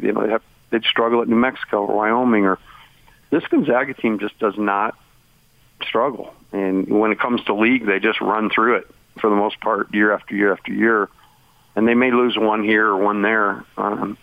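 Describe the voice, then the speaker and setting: A man's voice: on the low side, no room sound. A man, a former coach, chatting about basketball on sports radio, rambling with lots of fillers. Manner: rambling, heavy on "you know" fillers. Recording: tinny phone line.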